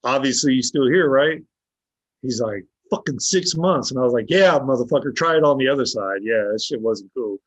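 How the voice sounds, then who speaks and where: A briskly paced man with a medium pitch, guesting on a podcast, tells a story bluntly, cursing freely and reenacting dialogue directed at him. The audio is dull, lo-fi and dry, with no echo.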